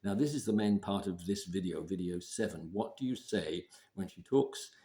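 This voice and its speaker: Low-voiced guy calmly explaining relationship advice, repeats himself for emphasis. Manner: measured, repeats points for emphasis, clears throat often. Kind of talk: advice talk to camera.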